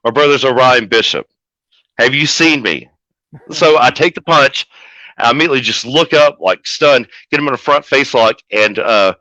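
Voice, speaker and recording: A man with a bright, forceful voice tells a long, profanity-laced story about a backstage fight. He plays every quote with gusto, and he sounds like the manager he says he is. The recording is dry and a bit dull. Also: mid-range voice, no room sound. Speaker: wrestling manager guest. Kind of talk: casual storytelling interview.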